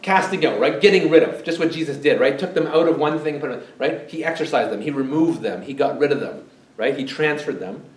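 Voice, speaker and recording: With lively intonation and a fairly quick pace, this male pastor's fairly high voice carries a chatty sermon packed with questions to the congregation. The recording comes from a distant mic in an echoey church sanctuary.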